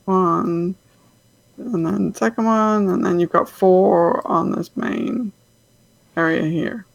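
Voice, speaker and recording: A woman narrating as game master of a tabletop game, unhurried and hesitant, often pausing on fillers. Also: mid-range voice, vocal fry, dry recording, rough recording.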